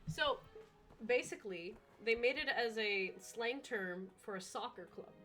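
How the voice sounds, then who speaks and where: An American woman streaming a video game, chatting casually, animated and quick to laugh and argue playfully. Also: fairly high pitch. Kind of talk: casual gaming chat. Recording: game music behind.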